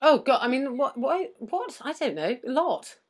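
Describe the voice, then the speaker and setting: A woman's voice: high voice, normal speed. A woman co-hosting a casual chat, retelling a story and acting out the characters' lines. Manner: animated, acts out characters' lines while retelling. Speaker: podcast co-host. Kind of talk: casual chat recapping a TV episode.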